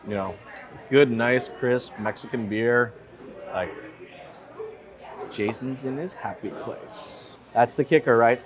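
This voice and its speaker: A man hosting a casual conference chat, talking loosely and enthusiastically and swearing freely. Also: medium pitch. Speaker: host. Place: conference venue.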